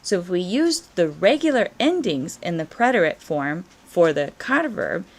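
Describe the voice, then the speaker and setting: A woman Spanish teacher, encouraging and slow and clear as she walks through verb conjugations in a recorded lesson. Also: on the low side.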